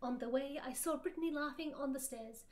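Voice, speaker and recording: A woman's voice: high voice, a little fast, a little mellow. A woman guest on a livestream reading fan fiction aloud in a mock-dramatic way, often laughing. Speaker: guest co-streamer.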